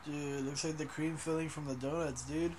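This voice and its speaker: A man's voice: fairly high pitch, fairly even intonation, a little fast, noisy background. A man co-hosting a casual podcast, joking around in a profane, slangy way. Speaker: podcast co-host.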